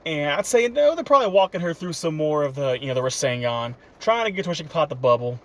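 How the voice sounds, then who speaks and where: A young man spins an improvised fan story in a casual, rambling way, full of "you know". His voice sits a bit on the high side. The delivery is loose and conversational. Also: very animated, quick pace, fairly bright tone.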